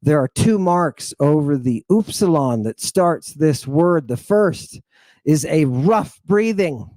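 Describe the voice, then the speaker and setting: A man giving an animated, playful language lesson, slowly repeating words for his students to drill. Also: on the high side, dry recording. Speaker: teacher.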